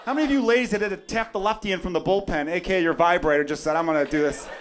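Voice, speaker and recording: A brash, profane male stand-up comic from Chicago, USA, riffs for a live club crowd in a high, very fast voice. The live club recording has a loud crowd and audience laughter.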